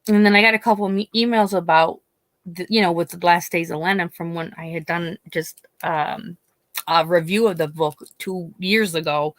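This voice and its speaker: A woman from Pennsylvania, a YouTuber, chatting casually and telling a story in a rambling, animated way with many restarts. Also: on the low side, moderate pace, dry recording. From Scranton, Pennsylvania. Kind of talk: casual chat.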